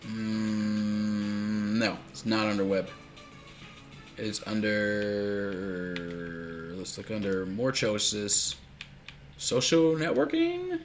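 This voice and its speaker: A man casually commenting on a life-sim game while streaming, chatty and rambling, laughing often and answering viewers. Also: fairly low pitch.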